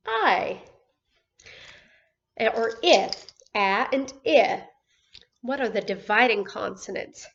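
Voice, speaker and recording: Slow, patient woman teaching phonics. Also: fairly high pitch, a bit bright, muffled recording. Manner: slow, patient, drawn-out words with encouraging praise. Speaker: first grade teacher. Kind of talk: phonics lesson for young children.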